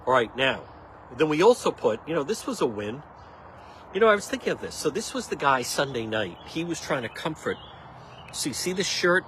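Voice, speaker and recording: A man's voice: on the high side, sharp tone, slight background noise. A man hosting a casual livestream, rambling and joking with an indignant edge. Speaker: livestream host.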